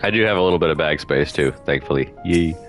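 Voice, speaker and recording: A man's voice: a bass voice, fast, soft background music. A young man chatting casually while playing a game, rambling in asides and reading the characters' lines aloud. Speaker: streamer.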